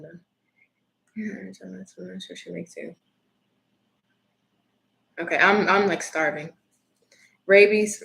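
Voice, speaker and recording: A woman's voice: fairly low pitch, vocal fry, a bit bright. A woman giving a casual, chatty tarot reading on a livestream, talking bluntly and laughing easily. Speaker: tarot reader. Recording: echoey room with faint noise.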